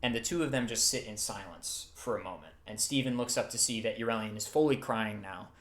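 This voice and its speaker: A man's voice: lowish voice, fairly quick. A man narrating as game master of a tabletop game, storytelling dramatically with restarts. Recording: roomy echo, faint music.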